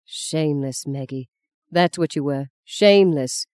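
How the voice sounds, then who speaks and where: Blunt, ironic old mother voiced by a woman narrator, knowing and pointed; dark, dry tone. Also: low voice, a little slow, no echo. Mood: scornful. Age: older.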